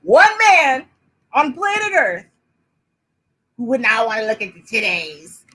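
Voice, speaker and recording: Husky-voiced woman musing aloud. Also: a little high, very animated, unhurried, sharp tone, low-quality recording. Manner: chatty, reasoning aloud, laughs often. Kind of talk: casual reaction commentary.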